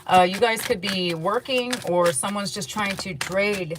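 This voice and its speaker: A woman giving a casual, rambling tarot reading to her viewers, chatting in a relaxed way and yawning now and then. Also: medium pitch, normal speed, noisy background. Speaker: tarot reader.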